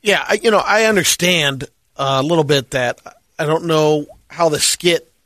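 Man, radio co-host, bright tone, quick remarks, casual banter. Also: fairly high pitch, dry recording.

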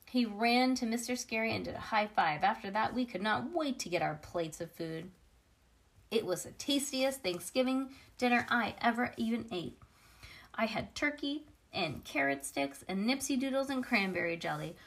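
A woman reads a children's chapter book aloud. Her delivery is lively and expressive, with the odd small slip. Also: on the high side, normal speed, vocal fry.

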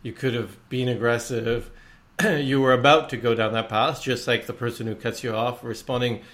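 A man's voice: mid-range voice, steady tone, normal speed, fairly bright tone. A man hosting a podcast interview, summing up what his guest has said with brief words of support. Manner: brief supportive backchannels and reflective summaries. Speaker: podcast host.

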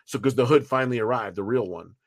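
A man, a fan-film writer and producer, talking as a podcast guest in a rambling, profane, animated way, with many restarts. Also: mid-range voice, fast, no echo, studio quality. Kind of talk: casual podcast interview.

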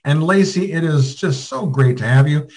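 Rambling higher-voiced man hosting a show. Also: normal speed, darkish tone, low-quality recording. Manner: rambling, filler-heavy. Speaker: show host. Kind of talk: casual video call chat. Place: motel room. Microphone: video call.

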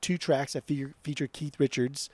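A man's voice: mid-range voice, fairly even intonation, normal speed, a little mellow, no echo. A man co-hosting a podcast in casual chat, giving blunt, profane opinions with lots of emphasis. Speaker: podcast co-host.

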